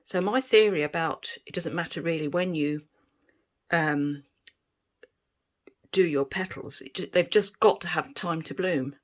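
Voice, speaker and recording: A middle-aged woman talks through her resin crafting in a relaxed, chatty way. Her voice sits slightly low for a woman. She pokes fun at herself and giggles often between remarks. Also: a little slow. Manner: chatty, self-deprecating, giggly. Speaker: resin art vlogger. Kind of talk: casual chat while crafting.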